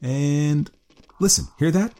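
A man's voice: on the high side, slow, a little mellow, voice pushed up. A man voicing a grim middle-aged man who hunts ghouls beneath the city, fervent and gloating. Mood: eager. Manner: fervent, rising to frenzied gloating. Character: grim middle-aged male underground ghoul-hunter chief. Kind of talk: dramatic story reading.

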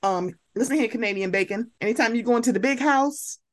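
A woman's voice: a little high, quick pace. A woman hosting a podcast, giving blunt, slangy commentary in casual chat and often acting out quoted reactions. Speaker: podcast host.

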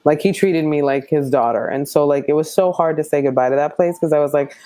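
A woman stand-up comic talking as an interview guest, animated and quick as she tells her stories. Her voice sits at an ordinary pitch. The sound is dry, with no room echo. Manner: animated storyteller, quick, laughs often. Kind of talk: casual interview chat.

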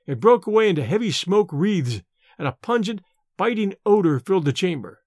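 A man reading an audiobook in a measured, expressive way. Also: high-pitched, no room sound, clean studio sound. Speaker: narrator. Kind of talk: audiobook narration.

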